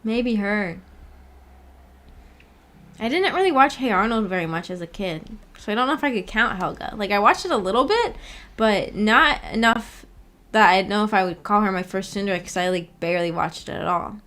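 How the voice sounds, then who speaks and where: A woman's voice: medium pitch, animated, moderate pace, fairly bright tone. Giggly, rambling woman streamer. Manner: rambling, giggly, self-correcting. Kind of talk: casual livestream chat.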